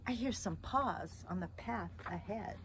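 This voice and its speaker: A woman's voice: mid-range voice, a little slow, slight background noise, natural voice. A woman voicing a big, clumsy, gullible male monster while reading a storybook aloud. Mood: gruff.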